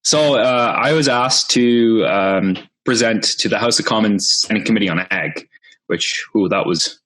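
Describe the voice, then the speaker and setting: A young man, a podcast guest telling a story in a lively way, often laughing and acting out what others said. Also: lowish voice, a little slow. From Manitoba, Canada. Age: young adult. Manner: animated, laughs often, acts out quoted voices. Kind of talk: casual storytelling.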